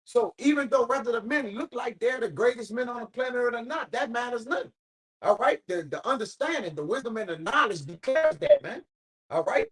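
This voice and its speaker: A man's voice: extremely high pitch, animated, a little fast, fairly bright tone, low-quality recording. A man leading an informal Bible study, preaching emphatically and swearing casually as he talks.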